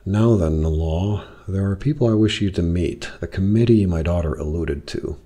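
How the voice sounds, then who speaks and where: A man reading the lines of a formal, commanding wealthy father who speaks stiffly and in measured phrases. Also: low voice, mellow. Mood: stern.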